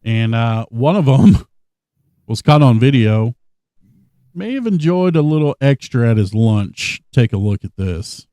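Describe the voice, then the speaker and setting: A man's voice: medium pitch, very animated, measured pace, warm tone, no room sound. A man co-hosting a casual comedy podcast, joking and laughing, often trailing off with fillers. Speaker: podcast co-host.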